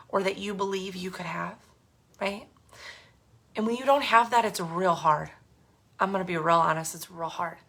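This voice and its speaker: A woman's voice: mid-range voice, bright, forceful tone. A woman in her thirties telling her own story to camera, earnest and frank, with frequent fillers and restarts. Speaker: direct sales team leader. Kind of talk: candid personal talk to camera.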